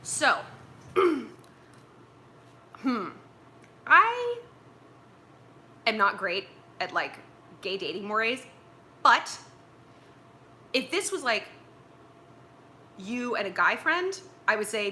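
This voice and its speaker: A young woman chats her way through dating advice on a livestream, blunt, joking and acting out quoted lines. Her voice is bright and lively, swinging high and low. Faint noise sits under the recording. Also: very slow, pauses often. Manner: animated, blunt and joking, acts out quoted speech. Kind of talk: casual livestream advice chat.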